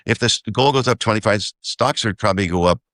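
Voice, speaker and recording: Low-voiced man, rambling through sums. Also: fast talker, a bit bright, no echo, studio quality. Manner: rambling, does sums aloud, keeps asking "okay?". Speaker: investor guest. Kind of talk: casual interview talk.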